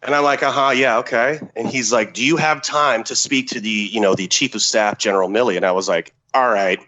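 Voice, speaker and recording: A man's voice: mid-range voice, a little fast, low-quality recording. Profane storytelling man. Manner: profane, animated, acts out quotes. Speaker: podcast guest, former special forces soldier. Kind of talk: casual storytelling.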